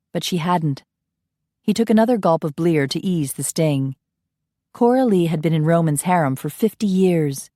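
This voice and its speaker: A woman narrating a romance audiobook in a steady storytelling manner. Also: lowish voice, no room sound, clean studio sound. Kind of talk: scripted narration.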